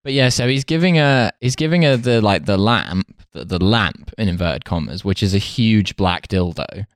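A man co-hosting a comedy podcast, talking loosely and laughing often. His voice sits low. It is close-miked in a dry, dead-sounding room. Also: animated, normal speed, dry recording. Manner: rambling, laughing, many fillers and restarts. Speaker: podcast co-host. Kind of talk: casual comedic chat.

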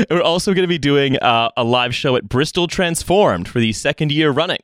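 A man's voice: fairly high pitch, lively intonation, normal speed, fairly bright tone, dry recording. Laughing, swearing male podcast host. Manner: laughs often, swears casually. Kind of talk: casual podcast chat.

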